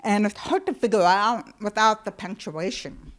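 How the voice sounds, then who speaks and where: A woman from the United States giving a talk, playful and animated, slowing down to read out caption mistakes one word at a time. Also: mid-range voice. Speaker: conference presenter. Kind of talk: presentation talk.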